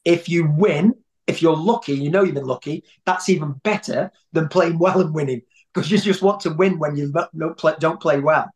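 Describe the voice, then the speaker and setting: A man speaking as an interview guest, telling stories in a loose, rambling way full of restarts. His voice sits a little higher than most men's. He talks conversationally and casually throughout. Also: normal speed, darkish tone. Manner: rambling storyteller, many restarts. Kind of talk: conversational anecdote.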